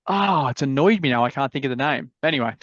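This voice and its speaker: A man's voice: mid-range voice, animated, fast, a bit bright, no echo. Laid-back Australian man on a dull, dry call. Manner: laid-back, blunt, swears freely. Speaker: property advisor hosting live mentorship calls. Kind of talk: casual advice chat. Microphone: video call.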